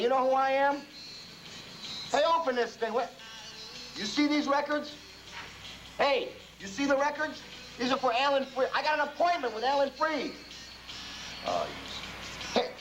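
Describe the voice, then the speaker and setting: An actor playing a pushy, brash man trying to bribe his way through a locked door. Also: sits high. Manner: brash, wheedling, then shouting. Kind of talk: 1950s period film acting. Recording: distant film audio with music behind.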